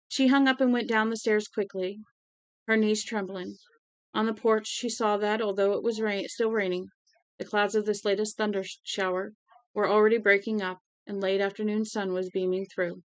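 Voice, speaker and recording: A woman's voice: medium pitch, flat delivery, moderate pace, smooth, dry recording, poor audio. A woman reading a novel aloud on a stream, voicing the dialogue with feeling and correcting her small slips as she goes. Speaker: audiobook reader.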